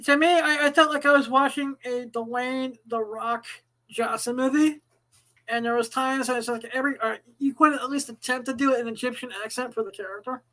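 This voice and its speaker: A woman's voice: high-pitched, steady tone, brisk, a bit bright, poor audio. A woman co-hosting a casual live talk show, chatty, restarting sentences, swearing freely.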